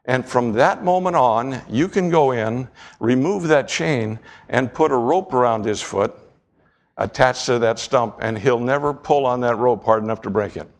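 Man, pastor, church sermon, storytelling, clears throat often, mid-pitched voice. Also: moderate pace. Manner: storytelling, animated, acts out voices and sounds. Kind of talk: sermon with object lesson.

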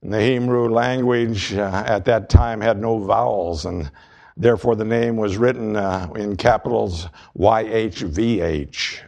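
A man preaching a sermon as pastor, reading scripture aloud in a measured way and slowing down on key words. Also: fairly low pitch, creaky, a little mellow. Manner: reads scripture and quotes aloud.

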